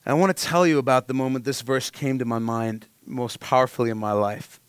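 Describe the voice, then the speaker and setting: A man in his thirties preaching a sermon, earnest and heartfelt, telling a personal story and dropping softly at emotional moments. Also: mid-range voice, fairly even intonation, a little fast, smooth, no echo. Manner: earnest, heartfelt storytelling with sudden soft drops. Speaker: pastor.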